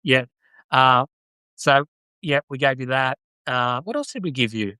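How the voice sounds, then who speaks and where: A man's voice: mid-range voice, expressive, measured pace, pushed and bright, clear, resonant tone, no room sound, poor audio. A man with an Australian accent hosting a live podcast stream, chatting casually with viewers and rambling with many fillers and restarts.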